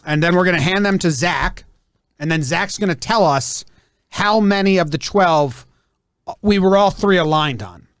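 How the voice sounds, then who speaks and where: Male podcast host, a bit high-pitched, loose hedging chatter, dry close mic. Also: moderate pace, clear, resonant tone, no echo. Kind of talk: casual chat.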